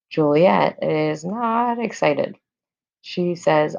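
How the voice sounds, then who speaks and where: A woman's voice: sits low, takes it slowly, creaky, dull audio. A woman teacher explaining a play in casual everyday words, with many fillers.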